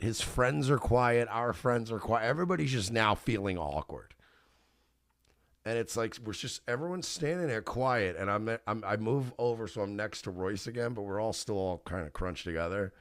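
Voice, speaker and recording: A male radio host telling a story in casual talk, animated, laughing often and swearing. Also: medium pitch, normal speed, no room sound, clean studio sound.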